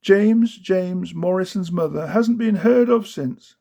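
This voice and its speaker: A man's voice: high voice, measured pace, vocal fry, warm tone. A man giving a rhythmic, sing-song storybook reading of children's poems. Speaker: reader of children's verse.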